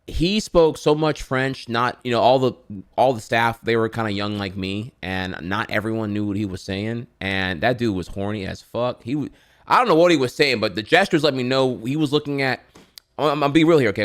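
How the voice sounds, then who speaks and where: A man's voice: medium pitch, fairly bright tone. A man in his thirties with a Louisiana accent, rambling and swearing while chatting on stream. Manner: profane, rambling, many restarts. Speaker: streamer reacting to videos. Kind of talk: casual rambling chat.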